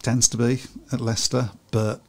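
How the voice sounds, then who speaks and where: A man's voice: medium pitch, flat delivery, moderate pace, darkish tone. A man hosting a casual speedway chat show, chatty and chuckling between his points. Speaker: host.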